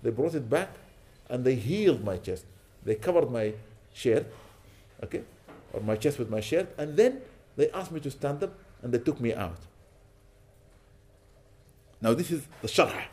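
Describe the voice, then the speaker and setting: A man's voice: medium pitch, lively intonation, unhurried, pauses often, darkish tone. A man speaking as a sheikh, giving a storytelling sermon in which he quotes Arabic and then translates it. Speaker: sheikh giving an Islamic lecture.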